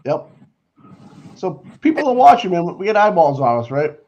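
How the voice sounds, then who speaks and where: A man with a Boston accent co-hosting a casual live stream, animated and prone to repeating words. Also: high voice, normal speed, dull audio. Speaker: co-host.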